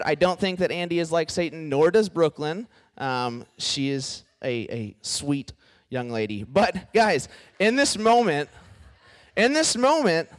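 A man preaching a casual youth sermon, joking and acting out quoted friends. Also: sits high.

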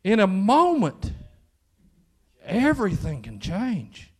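A man's voice: sits high, wildly swooping pitch, takes it slowly, darkish tone. A man with a Kentucky accent, preaching a sermon in church in a conversational style that rises into fervent emphasis. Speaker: pastor.

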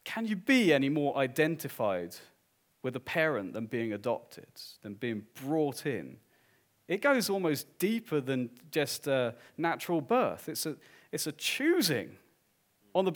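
Male pastor preaching, lively pitch, swings from hushed to emphatic. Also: a little slow. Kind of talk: sermon.

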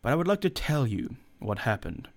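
A man's voice: medium pitch, wildly swooping pitch, brisk. A man voicing a shaken male ship passenger who speaks in a raised, urgent way.

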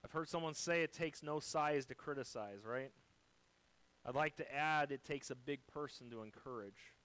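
A man's voice: a little high, moderate pace, poor audio. Man preaching with big dynamic swings. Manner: dynamic preaching, swinging from loud to soft, quoting scripture. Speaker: pastor. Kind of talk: sermon.

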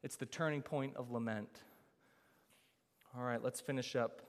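A pastor preaches a sermon in a church sanctuary, building emphasis and putting rhetorical questions to the congregation. His mid-range voice is steady and measured in pace, and the large hall gives a long reverb.

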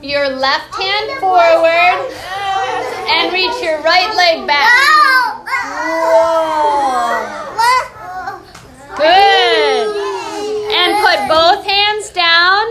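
Woman, children's yoga teacher: very high and slow, playful and encouraging, live class indoors. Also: heavy background noise. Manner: playful, encouraging, sing-song.

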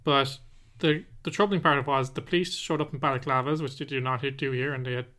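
A man co-hosting a podcast in casual chat, explaining events in a measured way and leaning on fillers like "you know". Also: mid-range voice, fairly even intonation, pushed and bright. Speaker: podcast co-host.

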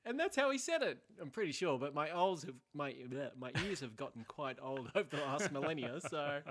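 A man's voice: fairly high pitch, sing-song, fairly quick. A man hosting a casual book chat who talks in a playful, theatrical way. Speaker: podcast host.

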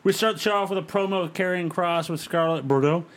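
A man with a slightly high voice hosts a casual podcast. He runs through a fantasy wrestling card in brisk play-by-play, dropping light laughs along the way. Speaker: podcast host.

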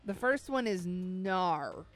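A woman's voice: fairly low pitch, expressive, slow, soft background music. A woman co-hosting a morning radio show, chatting casually and reacting with playful indignation. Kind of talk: casual on-air banter. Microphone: studio microphone. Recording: dry studio sound.

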